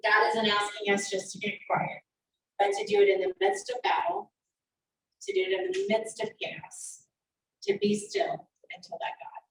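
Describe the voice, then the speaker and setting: A woman church elder teaching from the Bible with animated, emphatic readings, heard over a video call. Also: very high-pitched, normal speed, creaky, distant mic. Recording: echoey video-call audio from off the mic.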